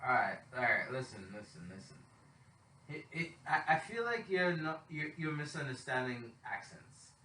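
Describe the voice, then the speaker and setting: Loud young man in an echoey room. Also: a little high, big pitch swings, moderate pace, distant mic, slight background noise. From Canada. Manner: loud, laughing, swears a lot, interrupts. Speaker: podcast co-host. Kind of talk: casual chat. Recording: roomy echo, away from the mic.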